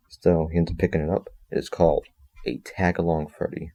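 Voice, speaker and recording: A man's voice: low voice, level tone, fairly quick, vocal fry, dark tone. A man reviewing a story in a casual, rambling way, reading passages aloud and breaking off with joking asides and self-corrections.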